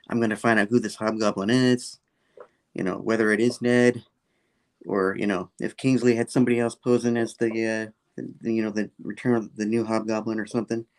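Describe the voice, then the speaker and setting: Man, gravelly, lowish pitch, casual comic book recap, rambling, lots of fillers. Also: flat delivery, brisk. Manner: rambling, full of fillers and "he's like" quotes.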